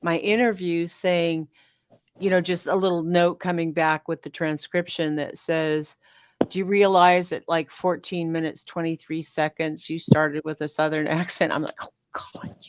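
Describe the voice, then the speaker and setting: A woman's voice: fairly low pitch, level tone, moderate pace, dry recording, dull audio. A woman guest in a casual group chat, telling stories in a conversational way. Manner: storytelling, conversational. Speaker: guest, claims interviewer.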